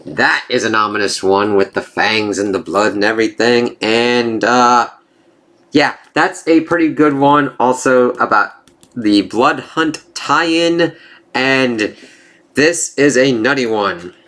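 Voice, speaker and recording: A man with a mid-range voice, speaking slowly, casually reviews a comic book issue. He rambles excitably and keeps reacting with "it's like" asides.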